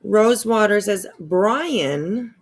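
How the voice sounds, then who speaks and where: A woman live-streaming her sarcastic take on online drama, talking slowly in a low, gravelly voice. Her tone is husky, and she draws out her exclamations and swears casually as she chats. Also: expressive.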